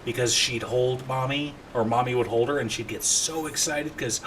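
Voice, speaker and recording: Chatty male game streamer, bright and forceful, talking animatedly to chat. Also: medium pitch, normal speed, hardly any pauses, a little hiss or hum. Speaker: live streamer. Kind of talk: casual live-stream chat while gaming.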